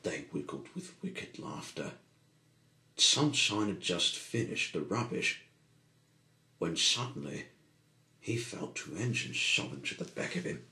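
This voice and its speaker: A man reading a children's story aloud in an unhurried amateur style, often stumbling and rephrasing. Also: low-pitched, expressive, sharp tone. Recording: echoey room.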